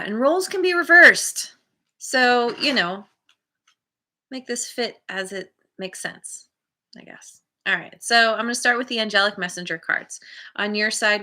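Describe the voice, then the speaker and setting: Woman, tarot reader, slow unhurried delivery, bright tense tone, chatty, meandering. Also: mid-range voice, animated. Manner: chatty and meandering, laughs at herself. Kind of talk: casual tarot reading to camera.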